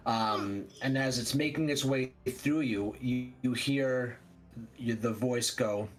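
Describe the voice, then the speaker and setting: Male game storyteller with mid-range pitch, casual and loose, full of fillers. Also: slow pace, poor audio. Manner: loose, filler-heavy narration. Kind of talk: narrating a tabletop game.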